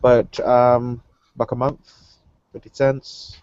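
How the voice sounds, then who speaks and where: A man hosting a gaming podcast, wrapping up the show in a relaxed way with lots of ums and uhs. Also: fairly low pitch, measured pace, no room sound, lo-fi sound. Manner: relaxed, filler-heavy sign-off. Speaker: podcast host. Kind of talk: casual chat.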